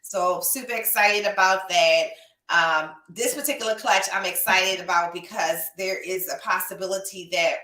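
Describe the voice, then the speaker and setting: With a low, pushed and bright voice, a young woman podcaster and reptile breeder effusively reads out viewer comments, chatting casually and emotionally. Her intonation stays fairly even at a moderate pace. The sound is echoey, from a mic placed far away.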